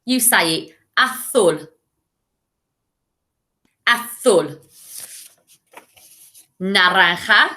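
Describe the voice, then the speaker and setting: Giving a recorded lesson to young pupils, an English primary teacher models words for them to repeat, her delivery clear and encouraging. Her medium-pitched voice is expressive and sharp-toned, moving very slowly with long pauses.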